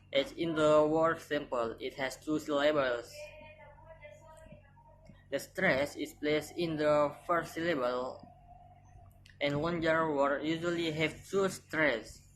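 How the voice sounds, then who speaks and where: A woman reading a phonetics lesson aloud, carefully and deliberately, repeating example words. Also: low-pitched, fairly even intonation, slight background noise, low-quality recording. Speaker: student presenter.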